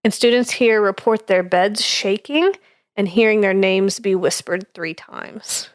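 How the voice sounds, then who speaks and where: With a mid-range voice at a measured pace, a chatty woman reads through her ghost notes as a podcast co-host presenting research. It's a casual chat in studio-quality audio with no room sound, full of fillers and easy laughter.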